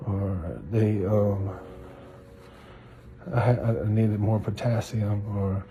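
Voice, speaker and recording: A man in a hospital room talking casually as a patient, halting and complaining. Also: lowish voice, fairly even intonation, lo-fi sound, slight background noise.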